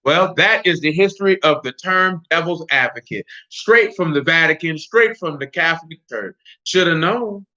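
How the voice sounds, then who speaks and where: Animated preacher man, lo-fi sound. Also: a little high, moderate pace. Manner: animated, jokey asides and rhetorical questions. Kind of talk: casual street-talk sermon. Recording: dull lo-fi recording.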